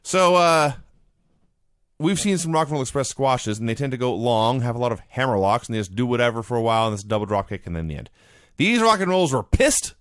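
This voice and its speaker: A man co-hosting a casual chat, retelling events with big swings in pitch. He jumps into loud shouted quotes mid-story. The sound is dry and close. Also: lively intonation, brisk, clean tone, no echo. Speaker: podcast co-host. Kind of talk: casual chat recapping old wrestling.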